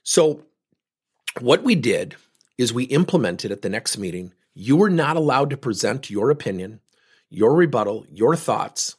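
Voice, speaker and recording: A man's voice: medium pitch, big pitch swings, normal speed, slightly rough. A man hosting a coaching podcast, talking animatedly with rhetorical questions and acted-out quotes. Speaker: leadership coach and podcast host. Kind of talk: solo coaching talk.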